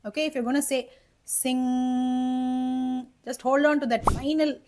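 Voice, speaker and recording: A woman's voice: sits high, little pitch movement, unhurried, darkish tone, slight background noise. A woman voice coach explaining singing exercises step by step, often checking in with "okay?" and "right?". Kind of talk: instructional singing lesson.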